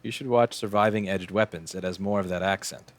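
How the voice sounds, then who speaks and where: A man in his late twenties, a repair technician, hosts a casual livestream while doing repair work, chatting in a sarcastic, joking, rambling way. His deep voice keeps a steady tone and moves a little fast.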